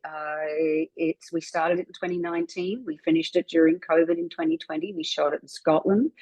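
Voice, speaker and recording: A middle-aged woman with an Australian accent, a film producer chatting as a guest on a video call, warm and full of ums. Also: sits low, breathy edge, dry recording, low-quality recording. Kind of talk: casual interview chat.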